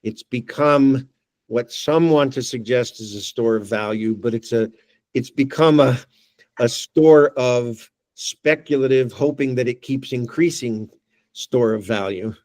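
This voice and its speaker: With a darkish tone and a mid-range voice, this man speaks at a measured pace with no room sound. As a guest speaker at a working group meeting, he gives a presentation with discussion, thinking aloud wryly and frequently beginning phrases again.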